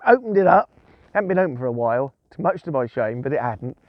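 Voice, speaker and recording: A man's voice: mid-range voice, fairly quick, no echo, narrow, tinny audio. A man giving an informal outdoor devotional talk, chatty and chuckling as he tells stories. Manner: chatty, chuckling, animated storytelling. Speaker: guest preacher. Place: outdoors in the countryside.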